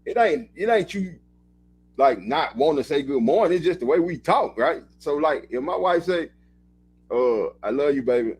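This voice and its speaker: A man's voice: on the high side, big pitch swings, moderate pace, a little mellow, a little hiss or hum. A man co-hosting a podcast, talking in loose, emphatic casual chat and swearing now and then. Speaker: podcast co-host.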